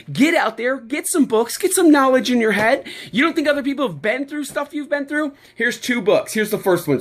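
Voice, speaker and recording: A man's voice: very high-pitched, fairly bright tone. A middle-aged man from the United States, a life coach giving a fired-up motivational rant to the camera with punchy, repeated exclamations.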